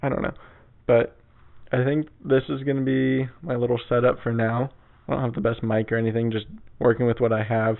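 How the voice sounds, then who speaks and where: A young man chats through a solo podcast from his bedroom, rambling and swearing in a laid-back way. His mid-pitched voice has a gravelly fry. The old mic gives the recording a tinny, phone-like narrowness. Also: level tone, fairly quick. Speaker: podcast host. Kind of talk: casual solo podcast storytelling. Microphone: old mic on a stand.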